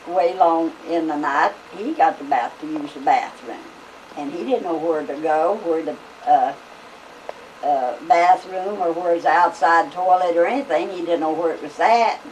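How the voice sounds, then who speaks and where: A woman's voice: sits low, a little mellow. An older woman, telling family stories in a folksy, rambling way with lots of fillers. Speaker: family storyteller. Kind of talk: casual storytelling. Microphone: camcorder microphone. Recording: home video camera from a distance, faint hiss.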